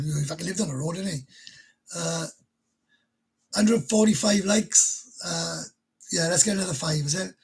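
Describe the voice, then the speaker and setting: A middle-aged man chats bluntly on a casual livestream. His voice is rough and husky and sits a little high for a man, and he swears freely as he talks. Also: a little slow, pauses often, low-quality recording. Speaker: livestream host.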